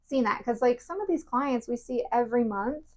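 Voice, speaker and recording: Brief: lively woman podcast host, slightly high voice, bubbly and expressive storyteller. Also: a little fast. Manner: bubbly, animated storyteller who laughs often. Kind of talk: casual chat. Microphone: podcast mic.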